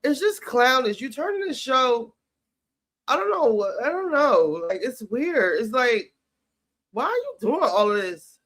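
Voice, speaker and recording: A man's voice: very high-pitched, very animated, unhurried, fairly bright tone. A man giving sassy, profane, heated commentary on a reality show while cooking in his home kitchen. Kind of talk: casual commentary chat.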